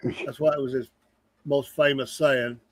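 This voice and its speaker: A man's voice: medium pitch, level tone, a little slow. A man, a co-host telling stories in casual chat, earnest and hedging.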